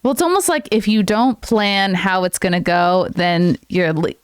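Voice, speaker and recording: A woman hosting a podcast in casual chat, chatty and quick to laugh, often trailing off mid-thought. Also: medium pitch, clear, resonant tone, no echo. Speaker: podcast host. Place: podcast studio.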